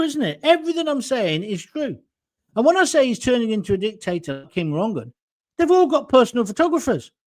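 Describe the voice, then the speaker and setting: A middle-aged man giving a sarcastic, indignant political rant as an online commentator. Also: high-pitched. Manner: slips into mocking impressions. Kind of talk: ranting political monologue.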